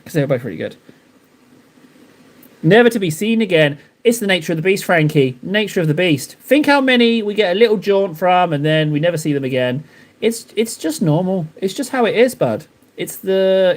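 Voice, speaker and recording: A young man with a high-pitched voice hosts a live stream, painting miniatures while chatting casually and playfully with viewers. He teases them in mock-dramatic bursts.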